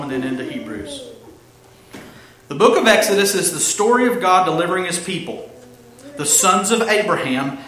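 A man preaching a sermon as pastor, reading scripture aloud and explaining it in an animated, conversational way with asides to the congregation. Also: sits high. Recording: echoey hall with faint noise.

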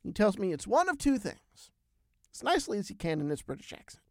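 A man hosting a podcast, telling a travel story in a lively, animated way with big swings in pitch and loudness. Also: a little fast, creaky, no echo, clean studio sound. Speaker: podcast host. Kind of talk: casual storytelling chat.

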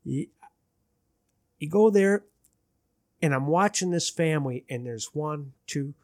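He takes it slowly, his slightly high voice carrying lively intonation, as this guest musician from around Detroit spins rambling stories in casual chat. He acts out what people said and laughs at himself, all in clean studio sound with no echo.

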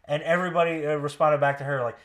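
Animated, jokey male podcast host. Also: fairly high pitch, quick pace. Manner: animated, jokey, laughing, mocking quotes. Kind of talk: casual chat.

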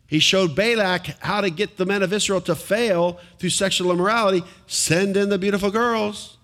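A pastor preaching a sermon to a congregation in church, animated and often asking the listeners questions. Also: male voice, high-pitched, normal speed.

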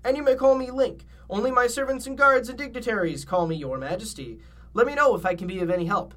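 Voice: medium pitch, fast talker, fairly bright tone, recorded from a distance, voice pushed up, lightly acted. A reader voicing a friendly, courteous young king. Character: kind young male king, former hero.

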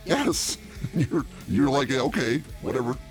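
A man's voice: medium pitch, very animated, slow pace, faint music behind. A man co-hosting a comedy podcast, laughing often and trying to keep the talk on track. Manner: laughing, placating. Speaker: co-host. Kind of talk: casual comedy podcast banter.

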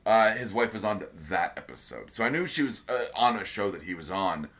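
A man's voice: fairly low pitch, sing-song, fairly quick, a bit bright. A man co-hosting a casual podcast chat, rambling with lots of fillers and restarts. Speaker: podcast co-host.

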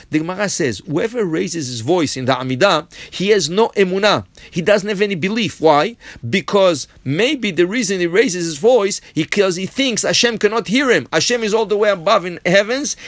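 Torah teacher, man, slightly high voice, patient stepwise explaining, dry close sound. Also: fairly bright tone, dry recording. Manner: explains step by step, often asks "right?". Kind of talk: Torah lesson.

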